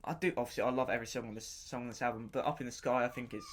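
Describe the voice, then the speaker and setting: A man's voice: medium pitch, steady tone, racing, slight background noise. A man hosting his own podcast and reviewing an album in casual unscripted talk. He rambles enthusiastically, often repeating himself and stopping to search for words.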